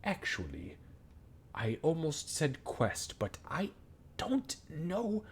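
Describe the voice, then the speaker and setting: A man's voice: on the high side, huge pitch swings, slow, husky. Laid-back man running a tabletop game. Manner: casual, quietly joking, fillers and swearing. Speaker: game master.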